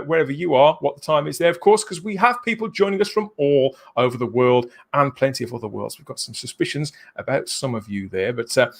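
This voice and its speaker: A man hosting a live fan show, chatty and jokey, laughing often as he greets viewers. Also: a little high. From England. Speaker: livestream host. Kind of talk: casual live show chat.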